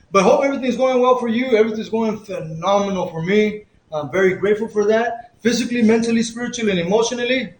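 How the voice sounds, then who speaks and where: A man's voice: high-pitched, reverberant, rough recording. A man casually chatting on a live stream, telling loose, profane stories with lots of laughs and fillers. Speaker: boxing coach live-streaming a fight commentary.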